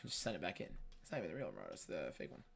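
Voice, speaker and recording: A young man hosting a live fight watchalong, reading viewer messages aloud and talking in an emphatic, shouty way. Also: sits low, huge pitch swings, rapid-fire, vocal fry, breathy edge. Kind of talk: live stream chat and fight commentary.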